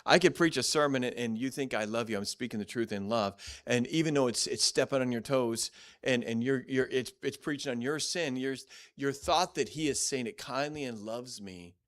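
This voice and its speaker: Guy teaching bible class at church, blunt and direct, trips over his words and restarts a lot, mid pitch. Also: normal speed. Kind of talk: conversational Bible lesson.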